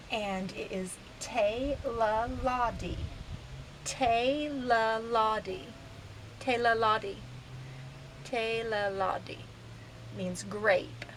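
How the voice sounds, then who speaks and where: A woman's voice: a little high, slight background noise, low-quality recording. A woman in her thirties chatting casually to camera from her back porch, laughing easily and poking fun at herself. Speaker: vlogger. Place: outdoor back porch deck. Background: faint outdoor ambience.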